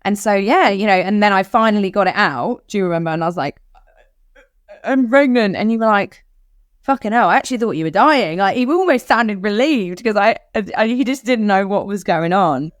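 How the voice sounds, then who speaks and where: A woman in her thirties with an Australian accent, telling a personal story on a podcast in candid, animated chat and acting out the voices of others. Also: medium pitch, a little fast, hardly any pauses, no room sound, studio quality. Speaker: podcast co-host.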